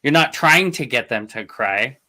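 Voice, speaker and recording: A man's voice: mid-range voice, animated, normal speed, sharp tone. A man hosting an interview show, asking rambling questions with many fillers. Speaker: host. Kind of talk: casual interview chat.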